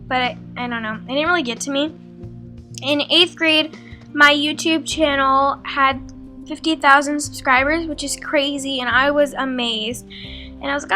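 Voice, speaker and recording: Chatty high bright teenage girl. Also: normal speed. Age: teens. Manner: chatty, full of likes and ums, acts out her own quotes. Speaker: beauty vlogger. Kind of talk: draw-my-life voice-over narration. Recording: faint music underneath.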